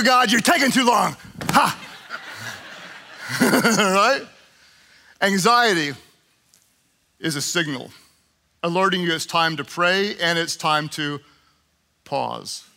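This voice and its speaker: A male pastor with a high, bright, sharp voice delivers an impassioned sermon. He drives his points home with repeated phrases. He swings between ringing shouts and soft, prayerful murmurs. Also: a little hiss or hum.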